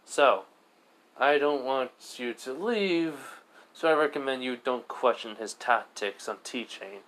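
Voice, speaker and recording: A man's voice: medium pitch, measured pace, a bit bright, lightly acted, low-quality recording. A man voicing a weary, earnest young male hero student who lectures at length.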